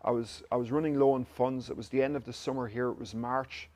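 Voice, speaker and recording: A man's voice: mid-range voice, fairly even intonation, brisk, a little mellow. An Irish man, an interview guest, telling stories in a casual chat and acting out the dialogue he quotes. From Ireland. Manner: anecdotal, acts out quoted dialogue. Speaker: interview guest, company director.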